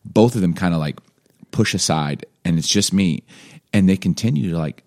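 A man with a very low voice, telling a story on a podcast with lively, self-mocking humor. He laughs often and talks in a loose, casual way. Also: moderate pace. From Chicago.

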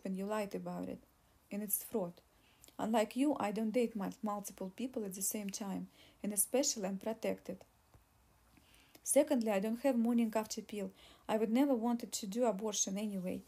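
A woman's voice: medium pitch, warm tone, husky. A woman voicing a pregnant young woman who pleads and argues in an audiobook reading. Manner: pleading, insistent.

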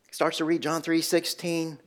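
Male pastor, slightly high voice, relaxed storytelling sermon. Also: normal speed. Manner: storytelling preacher, asks rhetorical questions.

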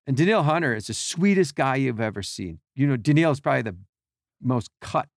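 A middle-aged man, a podcast guest, telling animated behind-the-scenes stories and acting out quotes and sounds. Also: mid-range voice, fast, creaky, no echo, studio quality. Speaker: podcast guest, team equipment worker. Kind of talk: casual storytelling.

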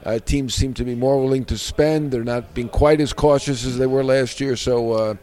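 A man working as a baseball reporter, answering questions in a steady, measured way. He sprinkles his speech with "uh", and his pitch sits in the middle of the range. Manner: measured, many filler uhs. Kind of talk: interview answers.

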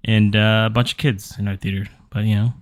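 A man's voice: on the low side, flat delivery, fairly quick, no echo. A man co-hosting a movie podcast, joking and teasing with profanity. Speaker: podcast co-host. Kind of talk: casual movie review chat.

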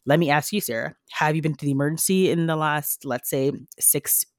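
Animated woman telling a story. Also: sits low, a little fast, dry recording, clean studio sound. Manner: animated storytelling, acting out quoted dialogue. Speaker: nurse and podcast guest. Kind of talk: casual podcast conversation.

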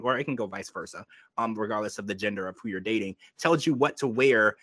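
A man hosting a podcast, chatting casually and giving his opinions while quoting people in quick asides. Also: medium pitch, bright, forceful tone, dry recording. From United States. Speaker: podcast host. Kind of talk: casual recap chat.

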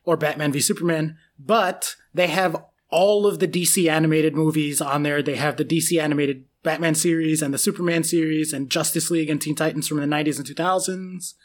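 A man's voice: on the high side, fairly even intonation, a little fast, hardly any pauses. A man co-hosting a casual chat podcast, playfully rambling through an imagined meal. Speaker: podcast co-host.

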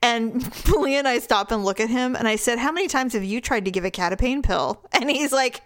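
A middle-aged woman chatting casually as a podcast co-host. Her voice sits a little high, and her storytelling is blunt and animated, with plenty of swearing. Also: fairly quick. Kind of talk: casual chat.

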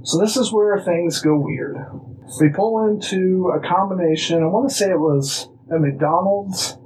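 Animated man telling a story. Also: high-pitched, a little slow, a little hiss or hum, low-quality recording. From Illinois. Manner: animated, acts out dialogue, restarts phrases. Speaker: guest. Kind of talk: casual storytelling.

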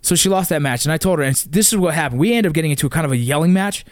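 A man's voice: a little high, very fast, no room sound, studio quality. A middle-aged man, a father, telling a heated, profane story about his kids' sports in a blunt casual way. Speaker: father of wrestling kids.

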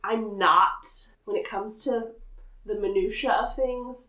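A woman co-hosting a casual chat, wry and quick to laugh. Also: mid-range voice, steady tone, bright, forceful tone. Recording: echoey room.

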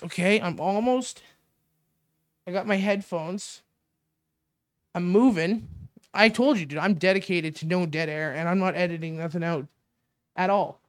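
A Canadian podcast host with a high voice rants alone on his own show, crude, sarcastic and rambling. He speaks into a studio mic with a windscreen, and there's no room sound.

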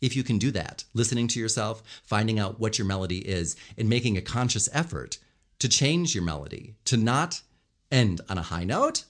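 Speaking at a moderate pace in a lowish voice, this man coaches listeners on communication. He animatedly walks through body language and vocal melody, demonstrating various tones and gestures to illustrate his points about how to speak.

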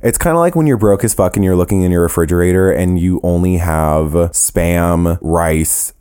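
A man hosting a casual solo podcast, talking in a sassy, animated and profane way, with playful laughs. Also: deep voice, normal speed, clear, resonant tone. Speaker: podcast host.

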